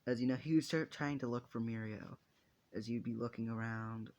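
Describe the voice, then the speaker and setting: A man's voice: medium pitch, steady tone, normal speed, darkish tone. A man narrating an improvised fan story in a rambling, casual way, with many restarts and casual swearing.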